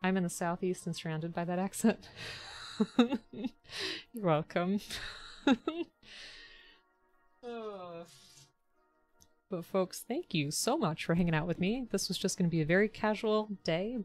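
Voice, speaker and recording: A woman live-streaming a model build, chatting casually and upbeat with her viewers. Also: medium pitch. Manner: chatty, upbeat, thanks viewers warmly by turns.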